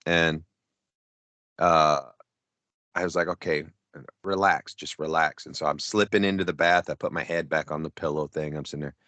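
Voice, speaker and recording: A man's voice: extremely low pitch, fairly even intonation, normal speed, long pauses, pushed and bright, dry recording. A middle-aged man co-hosting a podcast, telling a profane, rambling story and acting out the quotes. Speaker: podcast co-host. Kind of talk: casual storytelling chat.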